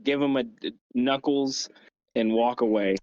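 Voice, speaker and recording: A man playing a tabletop game, speaking his character's lines in a wry, low-key way. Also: a little slow, a little mellow. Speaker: player. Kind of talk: casual role-play at the table. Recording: dull lo-fi audio.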